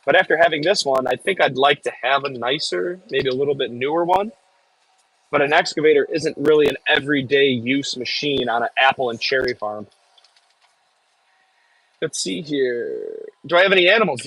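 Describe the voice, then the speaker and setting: With lively intonation and a breathy edge, a man speaks at a moderate pace in a mid-range, fairly bright voice; the audio is poor, without echo. He's a farm worker from the Midwest US live-streaming from an excavator, chatting casually in his regional accent while reading viewer comments with jokey asides.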